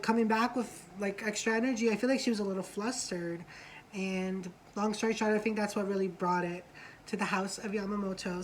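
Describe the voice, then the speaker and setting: A woman co-hosting a review show in loose, casual chat. She gossips, swears freely and slips into quoted lines from the cast. Her voice sits at an ordinary middle pitch for a woman, with a faint hiss of noise behind her. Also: low-quality recording. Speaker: co-host of a reality show review.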